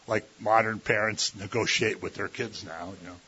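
A man's voice: fairly low pitch, fairly even intonation, normal speed, very noisy. Folksy preacher man, lo-fi. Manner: conversational, folksy, with many fillers and mimicked voices. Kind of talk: sermon. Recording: dull lo-fi recording.

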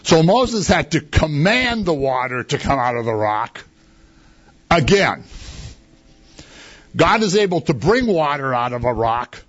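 A man's voice: on the high side, sing-song, unhurried, long pauses, fairly bright tone, dull audio. A man preaching a sermon in a conversational way, asking his listeners rhetorical questions.

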